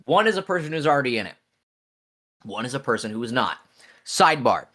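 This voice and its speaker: Blunt, swearing man with a bright voice. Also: mid-range voice, brisk. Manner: blunt, profane, animated. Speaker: podcast co-host. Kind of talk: casual wrestling chat.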